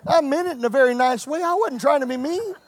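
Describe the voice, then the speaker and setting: Preaching a sermon to his congregation at a quick pace, a male pastor speaks in a strikingly high voice. He swings between playful asides that tease the crowd and full-throated shouts of praise as he calls out scripture.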